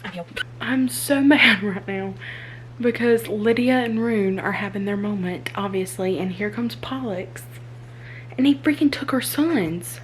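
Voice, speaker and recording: A young woman with a drawl talks casually to her phone camera, excitable and full of rhetorical questions. Her pitch sits in a middle range. A faint hum runs in the background. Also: measured pace. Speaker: book vlogger. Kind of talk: casual reading vlog chat. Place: indoors, then moving between spots without a tripod.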